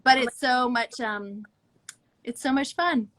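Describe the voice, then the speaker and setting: A woman stylist hosting a live stream over her phone, chatting in an excitable, gushing way. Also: a little high, slow. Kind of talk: casual chat.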